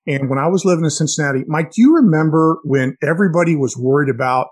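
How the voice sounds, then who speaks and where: A man co-hosting a sales podcast, talking in an animated way and telling stories with frequent restarts. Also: a little high, quick pace, husky. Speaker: podcast co-host. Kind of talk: casual sales chat.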